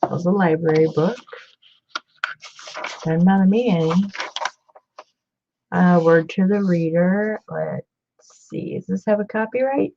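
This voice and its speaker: A woman in a relaxed live-stream book show-and-tell, rambling from one book to the next and calling out hellos to viewers. Her voice sits a little low and she takes her time. The recording sounds dull and muffled. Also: measured pace, vocal fry, long pauses. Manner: chatty and rambling, greets viewers by name.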